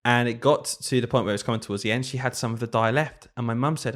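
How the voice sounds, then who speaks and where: A man's voice: medium pitch, quick pace. A young man, a podcast co-host and teacher, telling a story in a casual chat and laughing often. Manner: animated storyteller, laughs a lot.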